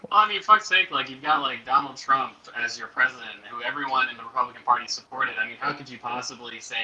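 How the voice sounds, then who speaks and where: Exasperated man, fast, on a distant roomy mic. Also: medium pitch, a crowd in the background. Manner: exasperated, profane, mocking voices. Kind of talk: casual political talk.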